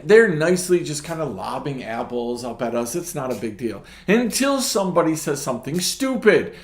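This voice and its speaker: A man hosting a ministry talk show, telling a childhood story in a casual devotional way and often checking in with "right?". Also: a little high. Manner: storytelling, keeps asking "right?". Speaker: ministry host. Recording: echoey room.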